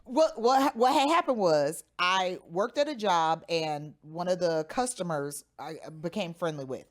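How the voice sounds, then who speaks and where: A woman's voice: on the low side, expressive, a little slow. A woman with a St. Louis accent co-hosting a podcast, chatting casually and telling stories with emphasis. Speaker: podcast co-host. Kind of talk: casual chat.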